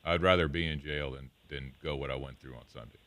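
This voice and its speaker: A man in the studio talking in a gloomy, self-deprecating, low-energy way during casual sports banter. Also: steady tone, fairly quick, fairly bright tone. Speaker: show regular, co-host.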